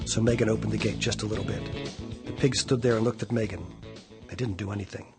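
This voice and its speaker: A man reading a children's picture book aloud in a playful, animated way. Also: fairly low pitch, fast talker, over music. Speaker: storyteller.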